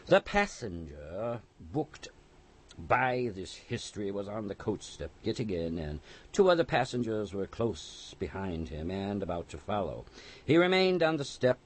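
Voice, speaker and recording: A man narrating a classic novel as an audiobook, reading in an expressive, dramatic way. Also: low-pitched, breathy edge. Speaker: audiobook reader. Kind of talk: scripted narration.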